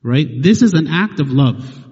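Man, sermon, emphatic, rhetorical questions, slightly high voice, dull muffled recording. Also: animated, measured pace, dark tone, husky, long reverb tail. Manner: emphatic, asks rhetorical questions and tags "right?". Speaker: preacher.

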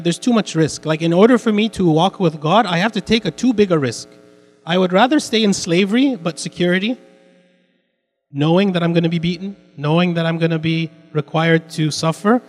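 A man's voice: a little high, long reverb tail. A man teaching an interactive Bible class, repeating his points and putting questions to the students. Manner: repetitive, asks the class questions.

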